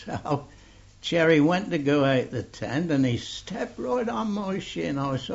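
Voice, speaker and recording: An older man slowly telling an oral history story, full of fillers and a gravelly voice. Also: fairly high pitch, lively intonation, a little mellow. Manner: slow rambling storytelling with many fillers. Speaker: interviewee. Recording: dull lo-fi tape recording.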